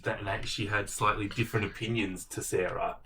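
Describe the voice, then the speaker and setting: A man with a fairly low voice trades dry, deadpan jokes in a relaxed book chat. He sits a little back from the mic, with a faint hiss of background noise. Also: a little fast, distant mic. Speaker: booktuber co-host. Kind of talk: casual chat.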